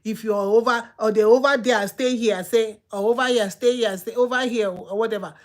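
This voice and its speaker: A woman's voice: a little high, fairly even intonation, quick pace. A woman with a Nigerian accent, hosting a channel and giving casual, emphatic advice that she repeats for effect. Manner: emphatic, repetitive, preachy. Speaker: channel host.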